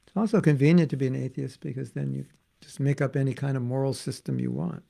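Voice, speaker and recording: A man's voice: mid-range voice, steady tone, fast, vocal fry, dark tone. An older man giving an informal spiritual class online, joking and reading viewer comments aloud. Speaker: spiritual teacher.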